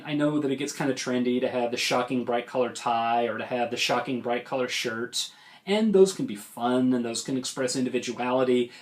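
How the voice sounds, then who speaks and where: Man lecturing on debate delivery. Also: mid-range voice. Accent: western United States. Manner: measured, emphatic teaching tone. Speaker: forensics coach.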